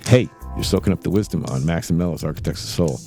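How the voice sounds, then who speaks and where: A man's voice: deep voice, fast talker, mellow. A man co-hosting a casual music podcast, playful and punning, with an emphatic way of talking. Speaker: co-host.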